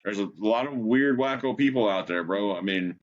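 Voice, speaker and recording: Man, ghost hunter guest, laid-back, a little low, muffled lo-fi recording. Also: normal speed. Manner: laid-back, says dude and bro a lot. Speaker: paranormal investigator guest. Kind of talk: casual chat. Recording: dull lo-fi sound.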